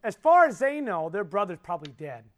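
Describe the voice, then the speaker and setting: Male preacher, high voice, lively storyteller who quizzes the room and jumps from hushed to loud. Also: brisk. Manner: animated storytelling, asks the audience questions; swings between soft and loud. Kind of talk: sermon.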